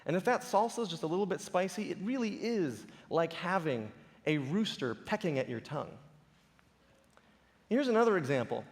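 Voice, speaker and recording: A high-pitched, animated man's voice at normal speed carries big-room sound as he gives a conference talk on a large auditorium stage. He tells stories to the live audience with lively energy and playful impressions.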